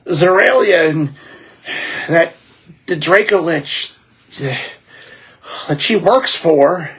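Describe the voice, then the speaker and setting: A man's voice: high-pitched, breathy edge, pitched above the performer's own voice, full character voice. A man voicing a frightened, rambling informant from a ruined mining folk in a tabletop game. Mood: frantic. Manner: agitated, half-shouted, rambling.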